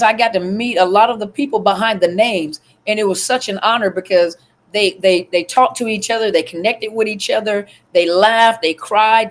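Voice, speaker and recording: A woman talks casually into her phone on a livestream. She greets viewers one by one and keeps up a loose, chatty flow full of fillers. Her voice sits at an average pitch. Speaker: livestream host.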